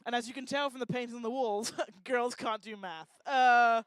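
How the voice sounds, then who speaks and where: A woman's voice: fairly high pitch, fairly even intonation, normal speed, clear, resonant tone, dry recording. Teasing woman hosting an event. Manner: teasing, joking, chatty. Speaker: event host. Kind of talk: stand-up style crowd work. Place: lecture hall stage.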